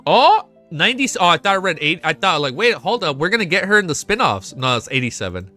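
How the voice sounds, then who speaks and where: A young man hosting a casual livestream, excitable and swearing often, reading chat aloud. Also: high voice, fast talker. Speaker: livestream host. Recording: faint music behind.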